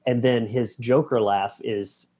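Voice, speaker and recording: Animated man retelling scenes, lo-fi sound. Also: medium pitch, breathy edge. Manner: animated, acts out scenes with quick voice impressions. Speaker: podcast co-host. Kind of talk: casual film discussion. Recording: dull, lo-fi podcast audio.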